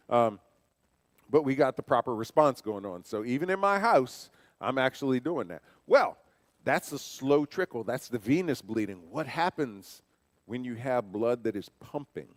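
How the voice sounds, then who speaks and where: A man's voice: medium pitch, animated, moderate pace. A man giving a church safety training talk, conversational, asking rhetorical questions and telling personal stories. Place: church hall. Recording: long reverb of a large hall.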